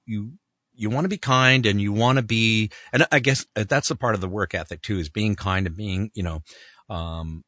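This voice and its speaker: A middle-aged male voice actor with a bright, forceful tone tells stories with animated energy. His voice is close and dry, with no room sound around it, and he keeps slipping into quick impressions. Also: fairly low pitch, dry recording. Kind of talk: storytelling in an interview.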